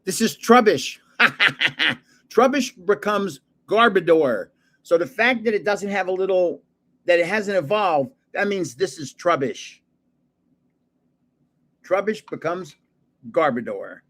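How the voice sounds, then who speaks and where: An older man talks casually to his livestream viewers, chuckling as he goes. His voice sits a bit high and swings widely in pitch. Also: expressive, slow, pauses often, fairly bright tone. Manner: chatty, chuckling, greets viewers. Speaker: card-collecting livestream host. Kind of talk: casual livestream chat while opening cards.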